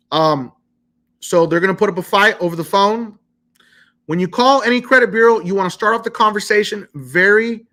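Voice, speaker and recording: A man's voice: high voice, pushed and bright. A man coaching viewers through a live-streamed how-to talk, tacking "okay?" onto nearly every point. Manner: talks insistently, repeating "okay?" after nearly every point. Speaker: credit repair educator.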